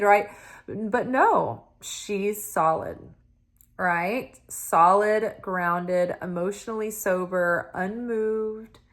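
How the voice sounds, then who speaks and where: A woman's voice: mid-range voice, fairly bright tone. A woman giving a casual spoken tarot reading, earnest and musing, often checking in with "right?" and "you know.". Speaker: tarot reader.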